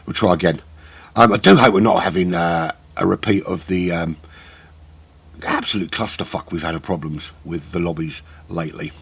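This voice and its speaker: His voice is low and breathy-edged, with vocal fry, and he speaks a little fast. This middle-aged sim racing commentator rambles live, poking fun at himself to fill the gaps in the broadcast.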